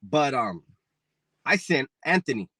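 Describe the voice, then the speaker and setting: A man's voice: mid-range voice, measured pace, no echo. Slangy man in his forties telling a story. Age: 40s. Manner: profane, slangy, animated telling. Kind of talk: casual spoken story.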